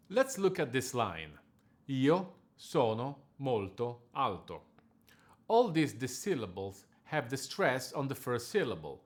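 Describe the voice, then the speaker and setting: Lively-pitched man teaching diction. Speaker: diction coach. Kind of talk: scripted explanatory lesson.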